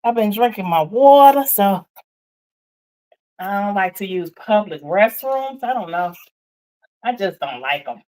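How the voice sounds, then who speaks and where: Woman live-stream host, slightly out of breath, bouncy pitch, unhurried chatty delivery. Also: lively intonation, mellow, poor audio. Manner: chatty, reads and answers viewer comments. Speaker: livestream host chatting with viewers. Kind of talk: casual live chat.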